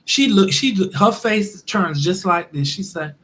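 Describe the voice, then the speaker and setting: A man's voice: high-pitched, measured pace, husky. A man hosting his own show, telling an everyday story as a casual, exasperated rant and acting out both sides of the conversation. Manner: animated, exasperated, acts out both sides of dialogue. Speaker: show host.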